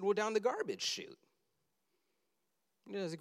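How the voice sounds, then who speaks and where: A man with a high voice preaches a sermon, animatedly acting out scenes as he tells them. His voice rings with a long hall reverb, as if recorded in a large sanctuary. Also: normal speed, long pauses.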